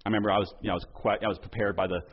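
A male pastor preaching a sermon earnestly, acting out quoted dialogue and dropping softer on key points. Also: lowish voice, flat delivery, very fast, husky, muffled recording.

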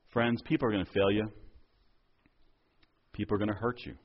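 A male pastor preaching a sermon earnestly, acting out quoted dialogue and dropping softer on key points. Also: medium pitch, expressive, fairly quick, long pauses, breathy edge, lo-fi sound.

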